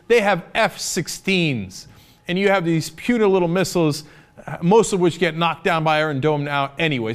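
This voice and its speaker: A man delivers opinionated political commentary in a somewhat high-pitched voice. He argues with passion and a sarcastic edge, pressing each point hard. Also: clear, resonant tone. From United States. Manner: impassioned, sarcastic, argumentative.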